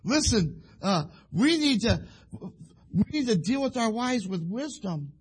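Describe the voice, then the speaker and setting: A man's voice: high voice, big pitch swings, measured pace, slightly rough. A man preaching a sermon in a folksy, rambling way, acting out little scenes between husbands and wives. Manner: folksy, rambling, acts out quoted couples.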